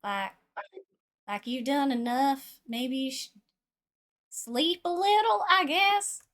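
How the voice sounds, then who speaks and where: A woman playing in a tabletop game, speaking gently and hesitantly to other characters. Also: sits high, takes it slowly. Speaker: player. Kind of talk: tabletop role-play chat.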